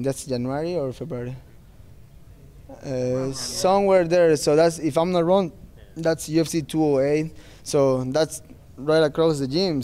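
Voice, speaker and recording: A man's voice: a little high, mellow, clear, resonant tone. A man speaking as a fighter at a post-fight press interview, earnest and plain-spoken, with non-native phrasing.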